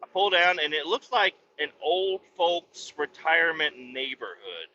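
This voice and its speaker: A male podcast host rambles through a story, swearing freely and making sarcastic asides. His voice sits a little high and sounds very bright and cutting. The audio is dull and lo-fi, with faint noise behind it. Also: very animated, a little slow. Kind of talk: casual comic storytelling.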